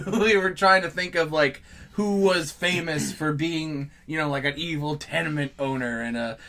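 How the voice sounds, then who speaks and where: A man co-hosting a comedy podcast in loose, profane chat. His voice sits a little high and sounds bright. He rambles through anecdotes with lots of laughter. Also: normal speed. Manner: profane, animated storytelling with frequent laughs. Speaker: podcast co-host.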